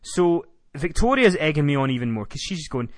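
A man's voice: fairly high pitch, very animated, fairly quick, slight background noise. A man hosting a podcast, telling a comic story with profane exasperation. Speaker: podcast host. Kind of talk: storytelling rant.

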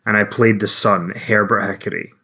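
A husky, fairly low-voiced man, chatting loosely on a podcast. He rambles and pokes fun at himself, laughing often. The recording sounds dull and lo-fi. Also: fairly even intonation, moderate pace, bright, forceful tone. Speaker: wrestling podcast co-host. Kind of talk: casual chat.

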